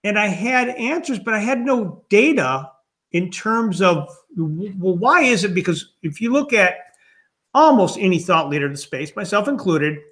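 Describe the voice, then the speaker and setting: A man's voice: sits high, expressive, moderate pace, fairly bright tone. A man from Minnesota answering interview questions in a thoughtful, rambling way. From Minnesota, USA. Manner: thoughtful, rambling, musing aloud. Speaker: guest, customer experience author.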